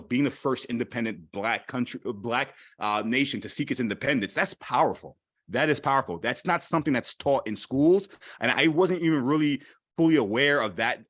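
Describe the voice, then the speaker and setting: A man speaking candidly at a live event, animated and repeating phrases for emphasis. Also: medium pitch, no room sound, clean studio sound. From Haitian heritage. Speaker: panel speaker. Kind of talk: candid personal talk.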